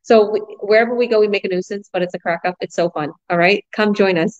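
An excitable, bubbly middle-aged woman from Canada hosts a casual online live chat, laughing often as she talks. Her voice sits at an ordinary pitch. The audio is slightly dull, as over a video call. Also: quick pace. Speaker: host.

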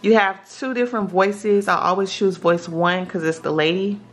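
Woman, casual tutorial voice, chatty, checks in with viewers, mid pitch, faint background hiss. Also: steady tone, normal speed. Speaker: tutorial vlogger.

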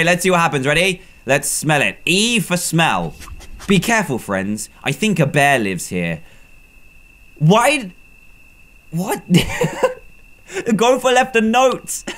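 A British man talking through a game as he plays it, his fairly high voice swinging widely in pitch. He is jumpy and excitable, yelping and breaking into laughs, in a relaxed, chatty commentary style. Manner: animated, jumpy, yelps and laughs often. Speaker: gaming channel host.

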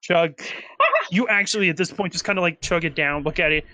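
A man narrating as game master in a tabletop game, rambling and animated, with many fillers. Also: a little high, brisk.

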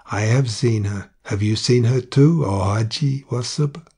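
A man reading the part of a soft-spoken, stubborn helmsman who speaks gently but insistently. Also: mid-range voice, measured pace, slightly rough.

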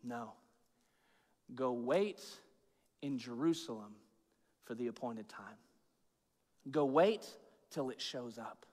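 A man preaching a sermon as pastor, casual and chatty, swinging between loud emphatic bursts and low hushed asides. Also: slow, long pauses. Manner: informal, chatty preaching with fillers and repeats. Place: church sanctuary with long reverb. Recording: echoey church hall.

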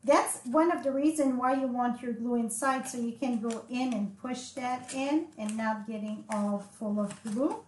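A woman with a French accent, French her first language, giving a live craft tutorial, talking slowly and chatting as she works. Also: on the high side. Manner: slow, chatty, thinking aloud as she works. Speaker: papercraft instructor. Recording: echoey room with faint noise.

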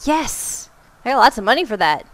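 A woman's voice: a little high, very animated, moderate pace, a bit bright. A woman giving let's play commentary as she plays, reacting aloud, exclaiming and muttering to herself. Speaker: gamer.

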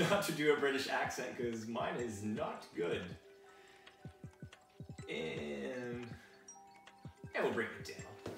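A man's voice: mid-range voice, pushed and bright, far from the mic. A man from a French-speaking background leading a kids' workout at home, upbeat and encouraging as he counts reps and guides stretches. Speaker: kids fitness instructor. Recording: echoey room, mic set back, faint music.

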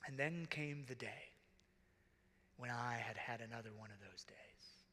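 A middle-aged man, a deacon, preaching earnestly and from the heart at a conference, sometimes dropping to a hush. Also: mid-range voice, measured pace, a little hiss or hum. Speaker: deacon speaking to priests. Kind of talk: conference sermon. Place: large conference hall. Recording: reverberant hall.

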